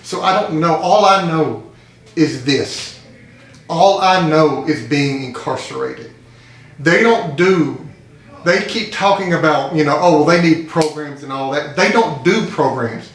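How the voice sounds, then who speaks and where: A man's voice: on the high side, unhurried, fairly bright tone. A man in a support group speaking earnestly about a life spent incarcerated, telling a parable and repeating phrases for emphasis. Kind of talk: emotional personal testimony. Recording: echoey room.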